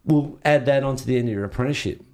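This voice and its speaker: In rapid-fire speech with a medium pitch and a darkish tone, an older Aussie surfer tells meandering, easygoing stories about surf trips during a casual interview, cursing freely and acting out what people said.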